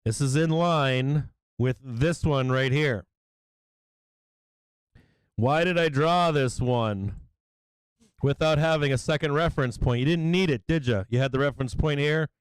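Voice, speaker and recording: A man hosting a live stock-market stream, swearing freely and explaining chart levels, with bursts of excited yelling. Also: mid-range voice, measured pace, long pauses, clear, resonant tone, dry recording, poor audio. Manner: profane, excitable, yelling at times. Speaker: stock market livestream host. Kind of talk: live trading commentary.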